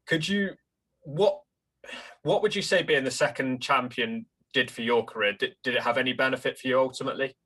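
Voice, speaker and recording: A man's voice: mid-range voice, fairly quick, bright, forceful tone. A man interviewing a guest, asking questions politely and apologizing for keeping him long.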